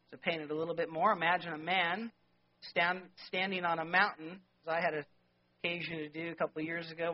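High-voiced man preaching with emphatic questions. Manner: emphatic preaching, rhetorical questions, swings between loud and soft. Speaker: pastor. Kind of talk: sermon. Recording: dull lo-fi sermon recording.

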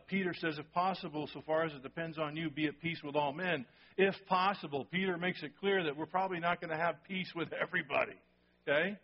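A man preaching in church with a slightly high voice, talking to his congregation like a conversation. He often checks in with "okay?" and "right?" The sound is dull and lo-fi. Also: slightly rough. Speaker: pastor. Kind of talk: sermon.

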